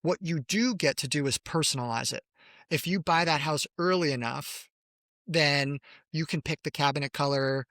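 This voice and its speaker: A man's voice: a little high, normal speed, fairly bright tone, dry recording, studio quality. A man co-hosting a podcast in casual chat, talkative and giggly, often trailing off mid-thought. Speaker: podcast co-host.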